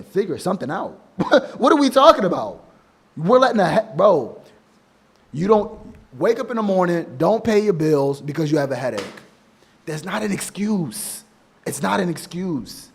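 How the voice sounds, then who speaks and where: A man giving emphatic, repetitive dating advice to other men in a casual, slangy monologue. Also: fairly high pitch. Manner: emphatic, preachy, repeats for stress; casual slang, addresses listener as bro. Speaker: men's dating coach.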